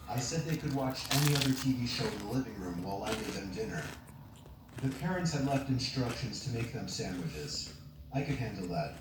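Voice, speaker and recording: Man narrating a scary story, very echoey. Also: mid-range voice. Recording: very echoey, distant, noisy.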